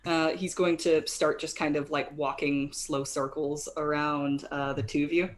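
Low-voiced woman running a tabletop game. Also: level tone, a little slow, slight background noise. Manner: casual with many fillers. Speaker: game master.

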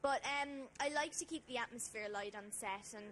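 A woman's voice: on the high side, fairly quick, fairly bright tone, a little hiss or hum, poor audio. A young woman, chatting as an actress guest on a TV interview, with lots of fillers and giggles. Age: young adult. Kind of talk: casual interview chat. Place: TV studio. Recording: music playing in the background.

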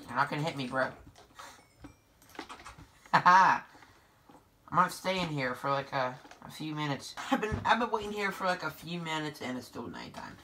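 Woman gaming host, low-ish voice that swings widely, jumpy and sarcastic while she plays. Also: normal speed, long pauses, slight background noise. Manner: excitable and sarcastic, talks to viewers. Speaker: gameplay video host. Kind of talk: live gameplay commentary.

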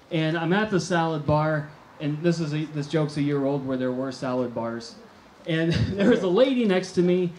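A middle-aged American man delivers a stand-up set with deadpan, absurd one-liners. His voice sits a little high. The sound is echoey, picked up in a theater room with a faint hiss underneath. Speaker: stand-up comedian. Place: movie theater stage before a live audience.

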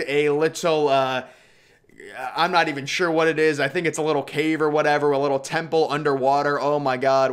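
A man's voice: fairly high pitch, a bit bright. A man giving casual ranked commentary on bad films, exasperated and rambling, with frequent restarts and mocking quoted asides. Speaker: movie reviewer.

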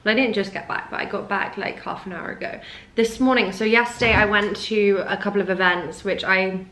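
A woman's voice: mid-range voice, fairly even intonation, fairly quick, a bit bright. Chatty young woman vlogging at home. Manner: chatty, says "like" often, gushing. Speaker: fashion vlogger. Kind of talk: casual vlog chat to camera. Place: at home indoors.

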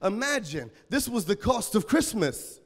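Male pastor, high voice, AAVE, shouting sermon with a cracking voice, echoing church hall. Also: sing-song, a little slow. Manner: preaching with call-and-response and sudden shouts.

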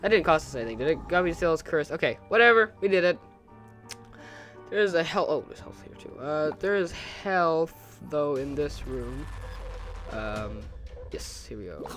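A young man with a fairly high voice talks through a video game in a loose, rambling way. He corrects himself often and hums little tunes to himself, with faint music playing underneath. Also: animated, moderate pace, a bit bright. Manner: rambling and self-correcting, humming and joking to himself. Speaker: gaming channel host. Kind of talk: casual let's-play commentary.

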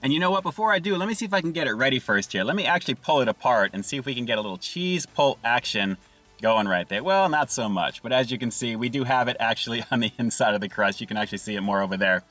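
A man's voice: medium pitch, lively intonation, fast talker, pushed and bright, soft background music. A man doing an upbeat casual food review from inside a parked car, calling his viewers "guys" and chewing between lines.

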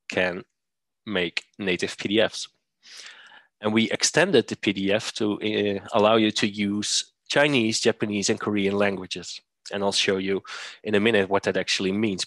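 A man presenting a software demo, walking through steps methodically with occasional fillers. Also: lowish voice, dry recording. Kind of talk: screen-share software demo.

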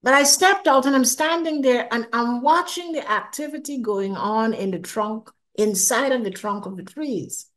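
An older woman speaking in a fairly high voice recounts a personal experience for an interviewer. She talks expressively, acts out what she thought at the time, and often repeats words as she searches for them. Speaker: interview guest recounting a near-death experience. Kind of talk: animated personal storytelling.

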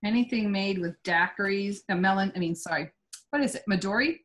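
A woman's voice: mid-range voice, a little fast, fairly bright tone, poor audio. A woman art instructor chatting her way through a live painting demonstration, digressing freely.

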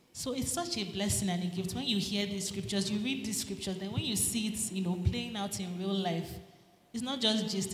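A woman's voice: medium pitch, a little hiss or hum. A woman leads a church panel discussion, responding to guests with affirmation and quotes from scripture. The sound is roomy and echoey, carrying a long hall reverb and faint background ambience. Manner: warm, scripture-quoting, affirming. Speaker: host.

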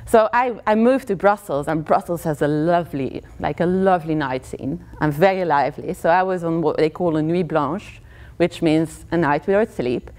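A woman lecturer from Belgium speaks English with a Flemish accent, her first language being Dutch. Her voice sits fairly low, and she tells her story with lively energy, breaking into short laughs between points. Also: normal speed. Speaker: criminology lecturer. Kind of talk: university talk.

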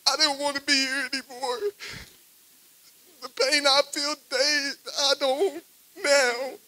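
Tearful young man, very high voice. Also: level tone, sharp tone, low-quality recording. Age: young adult. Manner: emotional, halting, repeats phrases. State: crying. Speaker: friend giving a eulogy. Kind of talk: eulogy at a memorial service.

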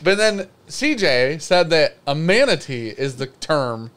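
A man's voice: fairly high pitch, sing-song, unhurried, fairly bright tone, clean tone. A man co-hosting a live whiskey show, chatting casually in a loose, joking, rambling way. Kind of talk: casual live-stream chat.

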